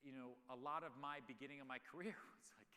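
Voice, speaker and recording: A man's voice: mid-range voice, fairly even intonation, fast, pushed and bright. A man in his thirties telling stories animatedly with many fillers in a live on-stage Q&A at a large event hall. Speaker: guest speaker.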